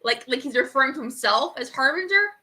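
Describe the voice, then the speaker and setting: A woman's voice: sits high, lively intonation, fast, bright, forceful tone. A woman playing a tabletop game, thoughtful and talking her turn through. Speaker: player.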